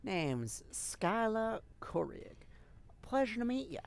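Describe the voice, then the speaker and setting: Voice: mid-range voice, very animated, slow, gravelly, smooth, voice pushed up, full character voice. A streamer voicing a cheerful young country woman from a game, with a folksy drawl and lots of exclamations. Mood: friendly.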